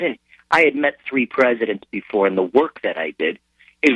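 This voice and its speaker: A man's voice: mid-range voice, big pitch swings, fairly quick, fairly bright tone, breathy edge, no room sound, muffled recording. A middle-aged man, a sergeant who is a guest on a radio interview, telling rambling anecdotes with frequent restarts. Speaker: military sergeant and charity founder as a guest.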